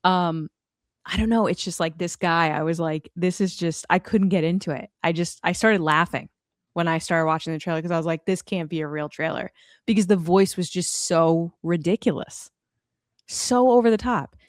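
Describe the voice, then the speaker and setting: A woman's voice: on the low side, moderate pace, no echo, studio quality. A young adult woman co-hosting a podcast who chats casually and gives blunt, exasperated opinions with lots of fillers. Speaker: podcast co-host. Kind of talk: casual chat.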